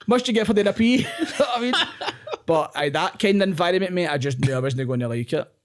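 A man's voice: high-pitched, lively intonation, a little fast. Sweary Glaswegian man, laughing a lot. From Scotland. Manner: sweary, laughs often mid-story. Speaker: stand-up comedian, podcast guest. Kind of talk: casual podcast chat.

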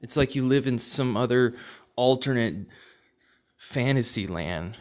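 A man's voice: medium pitch, lively intonation, unhurried. A young man rants in exasperated disbelief, firing off one rhetorical question after another. His comedic tirade swings between weary complaint and mock outrage. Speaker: satirical ranter. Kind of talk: comedic rant.

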